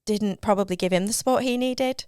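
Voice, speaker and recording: A woman's voice: mid-range voice, fairly quick, darkish tone, smooth, no room sound, clean studio sound. A woman on a podcast, speaking earnestly and reflectively in casual chat. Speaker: podcast co-host.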